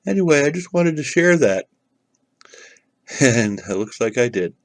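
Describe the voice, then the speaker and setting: A man's voice: medium pitch, very animated, takes it slowly, no echo. A man telling a personal story to the camera in a casual, rambling way, full of fillers and restarts.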